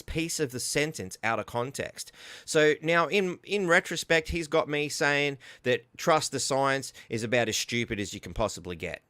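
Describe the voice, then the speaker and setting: A man's voice: medium pitch, bright, forceful tone, no echo. An Australian man hosting a podcast, delivering an angry, profane commentary rant. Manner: profane, insulting, heated. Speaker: podcast host.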